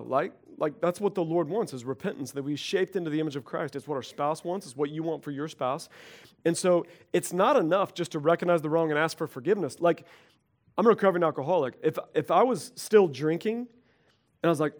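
A middle-aged male pastor preaching a conversational sermon, animated and acting out quoted voices. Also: on the high side, brisk.

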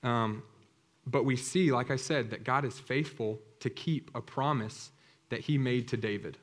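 A man delivering a sermon in a relaxed, conversational tone. He retells scripture as a lively story and keeps his voice at a middle pitch. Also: measured pace. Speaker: preacher.

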